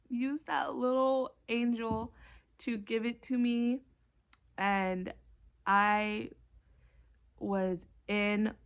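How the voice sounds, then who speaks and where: A woman's voice: medium pitch, dull audio. A young woman earnestly retelling a personal story in a casual vlog, with lots of fillers and rising emotion. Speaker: vlogger.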